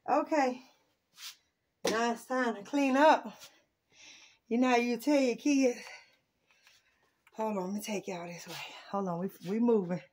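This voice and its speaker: A woman's voice: on the high side, a little slow, long pauses, a little mellow. A woman vlogging casually while she works, chatty and exclaiming, a little out of breath. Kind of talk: casual vlog to viewers.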